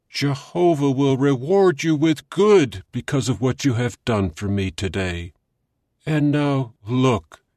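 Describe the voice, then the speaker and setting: A grieving old king, slow and weighty speech, slightly raised voice, dry studio sound. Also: fairly high pitch, dry recording. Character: remorseful aging male king, tearful. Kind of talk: dramatized scripture reading.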